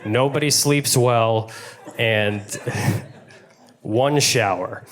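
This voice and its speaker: A young man from Pittsburgh doing a stand-up comedy set, wry and deadpan. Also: mid-range voice, very slow. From Pittsburgh, USA.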